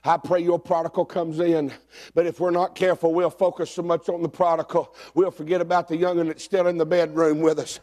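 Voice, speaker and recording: A middle-aged man, a pastor preaching a sermon who swings from shouted, climbing lines to low, confessional talk. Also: little pitch movement, fairly quick, few pauses.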